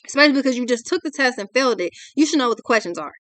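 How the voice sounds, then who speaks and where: A woman's voice: a little high, expressive, racing, a bit bright, dry recording. A young adult woman, giving a ranting tarot reading in a blunt, exasperated, profane way. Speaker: tarot reader.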